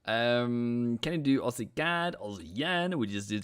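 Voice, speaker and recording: A man's voice: mid-range voice, animated, measured pace, clear, resonant tone. A man with a Norwegian accent, a forex trader, chatting casually on a live stream, joking, thinking aloud and reading out chat messages.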